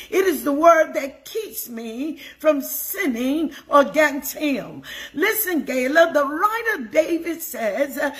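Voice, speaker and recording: Older woman preacher, high voice, slow and emotive delivery. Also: fairly bright tone. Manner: emotive, repeats phrases, greets viewers by name. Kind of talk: devotional sermon.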